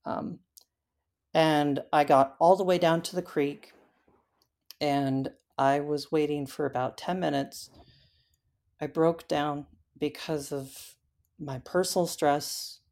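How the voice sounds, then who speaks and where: A woman as an interview guest, telling her story in a halting way with frequent fillers. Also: low voice, fairly even intonation, a little mellow. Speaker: interview guest recounting a hike.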